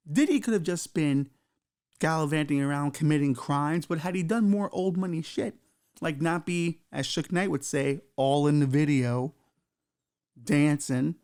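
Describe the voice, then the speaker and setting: A man's voice: on the high side, a little mellow. A man hosting a podcast, riffing through a loose, profane comedic monologue full of asides. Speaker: podcast host.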